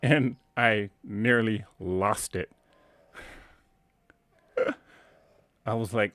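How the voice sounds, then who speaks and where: Male host with a fairly low, dry voice, telling a casual rambling anecdote and chuckling as he goes. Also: steady tone, drawn-out words, pauses often, a bit bright, no room sound. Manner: rambling, self-correcting, chuckles at his own story. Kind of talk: casual storytelling on a live stream.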